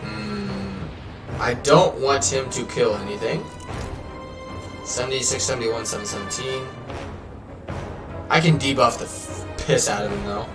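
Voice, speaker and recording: A male streamer talks slowly and loosely over his gameplay, rambling and swearing as he goes. He sounds a little far from the mic in a roomy space. Game music plays clearly behind him. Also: mid-range voice, expressive. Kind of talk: casual live gameplay chat.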